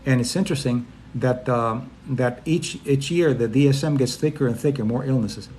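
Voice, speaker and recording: A middle-aged male psychologist chats through viewers' questions in a live stream, at a mid-range pitch. He talks loosely and conversationally, now and then acting out little voices to make a point. A faint noise sits under the recording. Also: normal speed, a little mellow. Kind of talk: casual live Q&A talk.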